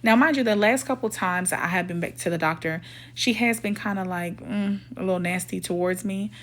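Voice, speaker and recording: This storytime vlogger has a medium-pitched voice and a brisk delivery. She tells a personal story in a casual yet emphatic, indignant way, acting out the quoted lines of the people she describes.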